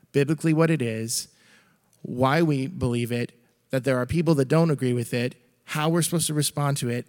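A man in his thirties preaching a sermon, telling a family story in an earnest, storytelling manner. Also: medium pitch. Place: large church. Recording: echoey church hall.

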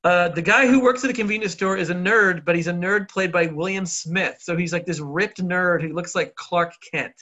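A man's voice: high-pitched, moderate pace, few pauses, bright, forceful tone. A man co-hosting a podcast, recapping a film in a rambling casual way with frequent laughs and filler words. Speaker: podcast co-host.

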